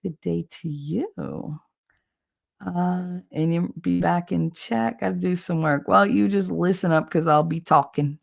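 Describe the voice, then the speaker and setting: Gravelly forty-something woman on a stream, chatting with viewers, crude and candid, laughs a lot. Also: on the low side, measured pace. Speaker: livestream host. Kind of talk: casual chat with viewers.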